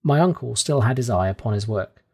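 A man reading a classic novel aloud in calm, measured audiobook narration. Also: medium pitch, gravelly, slightly rough.

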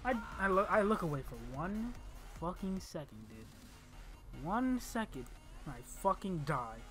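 Guy cussing out a game he's playing, bright voice, swings from mutters to yells, faint music behind. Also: high-pitched, sing-song, unhurried. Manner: exasperated, swearing, yelling at the game; mutters under breath between outbursts. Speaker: gaming channel host. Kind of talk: casual let's play commentary. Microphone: desk microphone by a laptop.

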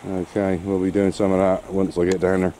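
A man's voice: low voice, completely flat delivery, a little fast, dark tone, a little hiss or hum. A man with a dry, wry way of talking, chatting casually to his dog on a walk outdoors. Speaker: dog-walking vlogger. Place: outdoors on a wet shore and woods.

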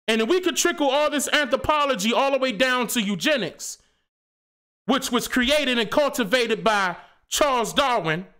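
A man's voice: extremely high pitch, sharp tone, smooth. Fired-up man ranting on a live stream. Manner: passionate, fired up, preachy, rhetorical questions; casual slangy speech. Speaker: channel host. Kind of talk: impassioned live-stream rant.

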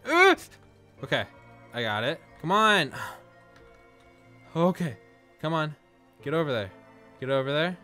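A young man narrating his own gameplay, excitable and quick to dramatic groans and outbursts. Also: on the high side, faint music behind. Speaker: gaming video host. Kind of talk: gameplay commentary.

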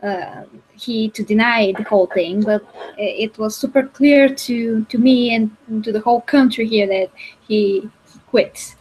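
A woman talks casually as a co-host, her voice sitting a little high. She halts and restarts often while she searches for the right English words. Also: measured pace, darkish tone, slightly rough, poor audio. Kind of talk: casual chat.

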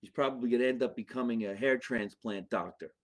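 A man from New Jersey with a New Jersey accent, hosting a comedy podcast and riffing in an animated way with quick character voices and frequent laughter. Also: mid-range voice.

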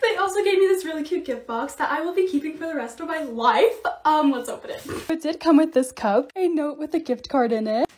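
A woman's voice: sits high, expressive, a little mellow. A young woman, a social media creator, narrating her short lifestyle videos in a bubbly, gushing way. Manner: bubbly, gushing, quick voice-over. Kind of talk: casual vlog narration.

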